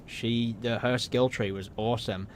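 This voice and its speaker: Male streamer, mid-pitched, loose reactive play-along commentary, swears a lot, faint noise in the recording. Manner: excitable, swearing, quick reactions and laughs. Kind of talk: live gameplay commentary.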